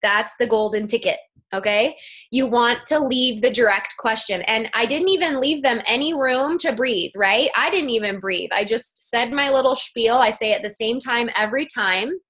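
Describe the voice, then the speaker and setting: A woman's voice: fairly high pitch, normal speed, fairly bright tone. A woman speaking as guest on a sales team call, eager and chatty, with many fillers and restarts as she coaches her team. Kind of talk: motivational team-call talk. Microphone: phone or conference-call line.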